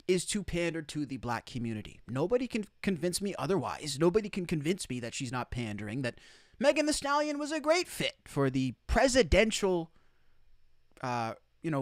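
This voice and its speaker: A man's voice: a little high, fairly bright tone, dry recording, clean studio sound. A man hosting an opinion commentary, talking emphatically and incredulously, often repeating his points for effect. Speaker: commentary host.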